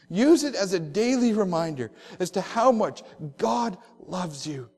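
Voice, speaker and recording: A male pastor preaching a sermon, telling stories and slowing down on emphatic phrases. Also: high-pitched, expressive, darkish tone, long reverb tail.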